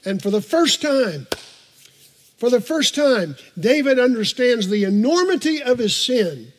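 A man with a high-pitched voice preaches a morning sermon from the pulpit, earnest and emphatic. He repeats his key phrases for weight and breaks off into casual asides to the congregation. His voice carries a long reverb through a large church hall. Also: sing-song, measured pace. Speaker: pastor. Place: church sanctuary.

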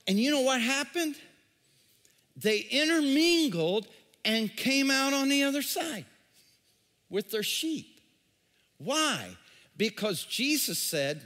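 A man's voice: high-pitched, expressive, a little slow, sharp tone, in a large hall. A man preaching a sermon as pastor, repeating words and throwing questions at the congregation. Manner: repetitive, stammering, questions to the crowd.

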